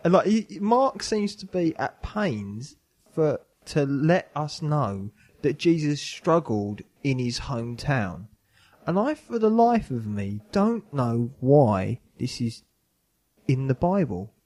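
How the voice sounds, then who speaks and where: A man's voice: medium pitch, big pitch swings, slow, darkish tone. A man hosting a casual podcast, reading a Bible passage with lots of self-mocking laughter. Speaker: podcast host.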